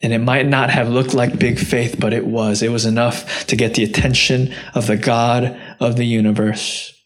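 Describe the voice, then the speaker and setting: A pastor delivers a sermon in an earnest, direct way, building to impassioned peaks and going low and soft when he quotes. His delivery is otherwise flat, at a normal speed.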